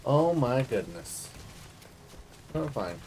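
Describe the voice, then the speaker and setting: Slow, sardonic young male game streamer. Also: medium pitch, very animated, darkish tone, slight background noise. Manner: sarcastic, mock-theatrical taunting of game characters. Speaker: gaming streamer. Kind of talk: casual gameplay commentary.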